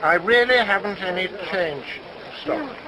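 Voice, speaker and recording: A polite gentleman, mildly flustered, talks in a fairly high voice. Street crowd noise runs behind him in the audiobook recording. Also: animated, a little slow, poor audio. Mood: coaxing. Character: polite gentleman buying a flower.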